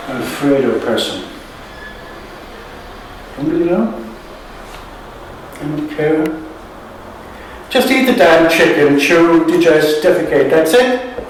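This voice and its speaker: An Irish poet with a somewhat high voice reads his work at a launch in a wry, sardonic way, chuckling at his own jokes. He is picked up from a distance in a very echoey museum hall. A faint hiss sits underneath. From Ireland. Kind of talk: poetry reading at a book launch. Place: museum hall at a live event. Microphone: room recording from a distance.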